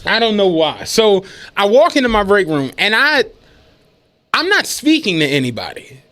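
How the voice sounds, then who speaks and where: Animated man telling a story. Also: high voice, moderate pace. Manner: animated, profane, laughing retelling. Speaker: podcast host. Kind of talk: storytelling in casual chat.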